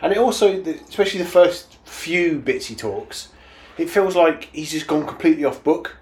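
A man co-hosting a casual film review podcast in a chatty way, often agreeing with a quick "yeah.". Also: fairly high pitch, expressive. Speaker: podcast co-host.

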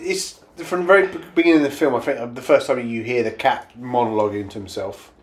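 A man co-hosting a casual film review podcast in a chatty way, often agreeing with a quick "yeah.". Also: medium pitch, a little hiss or hum. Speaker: podcast co-host.

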